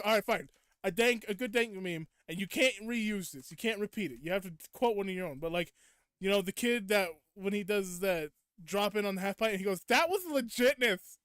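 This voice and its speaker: This young male streamer has a high-pitched, fairly bright voice that sounds clear and resonant. He chats casually over his gameplay and rants at viewers with playful fake indignation. The studio recording is clean, with no echo.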